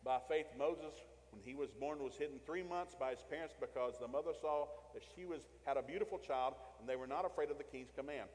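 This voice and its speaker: A man's voice: fairly high pitch, brisk, few pauses, a little mellow, a little hiss or hum. A man preaching a sermon, telling Bible stories in a folksy way and acting out the quotes. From Tennessee, USA. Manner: folksy storytelling with acted quotes. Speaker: pastor. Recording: long hall reverb.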